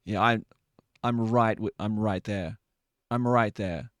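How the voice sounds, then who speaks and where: A man's voice: on the low side, slow pace, a bit bright, no echo. A man in his late twenties or thirties, a streamer chatting casually with his live chat and laughing often. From Australia.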